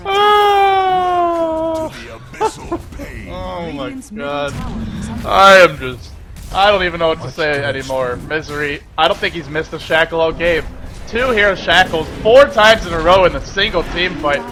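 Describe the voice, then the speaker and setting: A man casting a live esports match, excitable and quick to shout and laugh. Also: a little high, soft background music. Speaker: esports caster.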